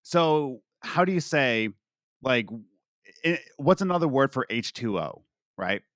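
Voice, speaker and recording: American man with a lively, bouncing voice. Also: medium pitch, unhurried, no echo, clean studio sound. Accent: American, faint Philadelphia. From Philadelphia. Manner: playful, laughs often. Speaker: podcast co-host. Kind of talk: casual podcast chat.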